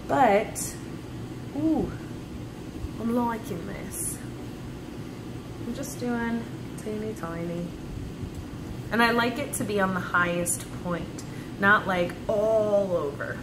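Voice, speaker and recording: A chatty, playful woman talks through her makeup steps in a relaxed tutorial. Her voice sits at an ordinary middle pitch. The room is echoey, and a steady background noise runs underneath. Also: slow, long pauses. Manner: chatty and playful, talking through each step. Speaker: beauty vlogger. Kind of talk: casual makeup tutorial chat.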